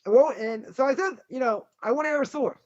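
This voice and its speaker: A rabbi giving a Torah lecture, blunt, combative and sarcastic. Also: male voice, very high voice, fast talker. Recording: dull lo-fi recording.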